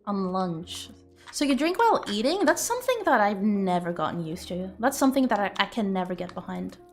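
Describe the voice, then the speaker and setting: A woman's voice: mid-range voice, sing-song, fairly quick, soft background music. A woman streamer chatting casually and playfully with her viewers, rambling and joking crudely.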